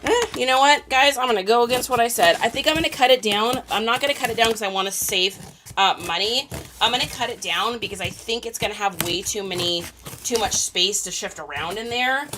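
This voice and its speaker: A reseller live-streams while packing items to ship, chatting with viewers and reading their comments. Her voice is a little high and fairly quick, with background noise in the recording.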